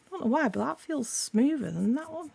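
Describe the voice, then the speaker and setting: Woman, craft-channel host, croaky with a sore throat, dark and gravelly tone, casual rambling chat. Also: sits high, animated, fairly quick. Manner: chatty, rambling, self-correcting.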